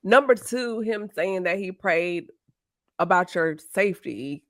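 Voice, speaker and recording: A woman's voice: lowish voice, expressive, slow, fairly bright tone, no room sound, studio quality. A woman hosting a casual interview, reacting eagerly and steering the conversation. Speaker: host.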